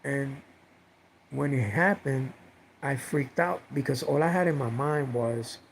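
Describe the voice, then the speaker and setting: A man's voice: mid-range voice, measured pace, gravelly, a little hiss or hum, poor audio. A man casually telling a personal story on a livestream, rambling, repeating himself and swearing now and then.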